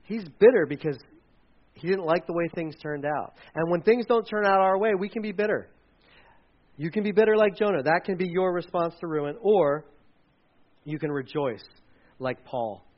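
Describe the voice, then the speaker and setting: High-voiced animated male pastor preaching. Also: normal speed, muffled recording. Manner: animated storyteller, acts out quotes. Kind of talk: sermon.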